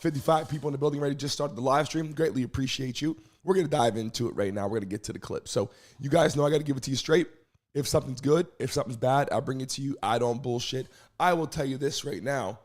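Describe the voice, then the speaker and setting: A man hosting a live stream show, hoarse from losing his voice, talking casually and energetically while greeting viewers in the chat. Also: medium pitch, fast.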